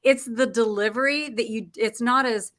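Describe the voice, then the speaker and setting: A woman hosting a casual interview show, bubbly and quick to laugh. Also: on the high side, fairly bright tone. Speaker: show host.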